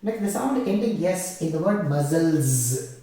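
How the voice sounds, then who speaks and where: A man takes a class through exam questions, going back over each key term. His voice sits a little high and has a mellow tone. He is heard from some distance in a very echoey room. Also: normal speed. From India. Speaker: English teacher. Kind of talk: exam-prep lecture.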